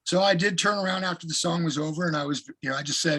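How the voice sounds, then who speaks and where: Man, middle-aged, husky, a touch high, chatty storytelling interview guest. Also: quick pace, hardly any pauses. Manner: animated anecdotes with profanity. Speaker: guest singer.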